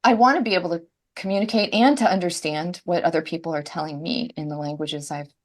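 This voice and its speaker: Earnest woman with a lowish voice on a podcast. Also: fast. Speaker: co-host, language teacher. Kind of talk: conversational podcast discussion.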